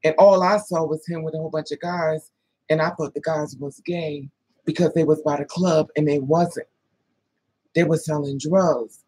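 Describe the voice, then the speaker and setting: A man's voice: on the high side, moderate pace, breathy edge, no echo, rough recording. A man telling a personal story in a casual vlog, bluntly and with swearing, acting out what others said. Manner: lively storyteller, blunt and profane, acts out the other voices.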